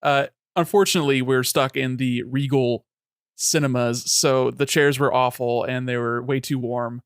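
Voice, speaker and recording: A man's voice: medium pitch, steady tone, moderate pace, smooth, no echo, studio quality. Easygoing man chatting on a podcast. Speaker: podcast co-host. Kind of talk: casual chat.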